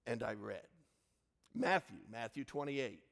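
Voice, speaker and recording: A male pastor preaches from his church, telling stories with sudden loud exclamations. His voice sits at a middle pitch with a gravelly, creaky texture. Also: measured pace, long reverb tail. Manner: warm storytelling with lively swings into loud exclamations. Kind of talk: sermon.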